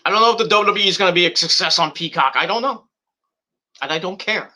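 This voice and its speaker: Speaking fast in a high voice, this podcast host in his thirties chats casually. He rambles and swears, often restarting, and breaks into shouts now and then.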